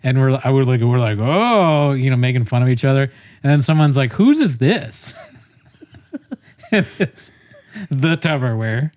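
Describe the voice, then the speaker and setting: A man's voice: mid-range voice, lively intonation, unhurried, pauses often, a little mellow, no echo. Man, young adult, casual podcast chat, swears a lot, laughs at himself, dry close sound. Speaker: podcast co-host.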